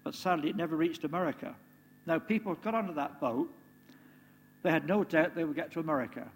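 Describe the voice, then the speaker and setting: A man delivers a relaxed, chatty sermon, checking in with his listeners through tag questions. His voice sits a little high for a man. The recording carries a long hall reverb and a faint hum underneath. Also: a little fast. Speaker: preacher.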